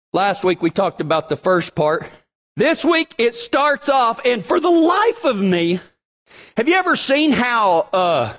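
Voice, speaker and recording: A man's voice: sits high, fairly bright tone. A middle-aged man preaching a casual sermon, telling personal stories in a chatty, self-deprecating way.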